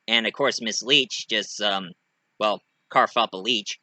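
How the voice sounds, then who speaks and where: A man's voice: normal speed, no room sound. A man casually telling his own fan story, rambling and hesitant with many fillers. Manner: rambling, hesitant, lively pitch.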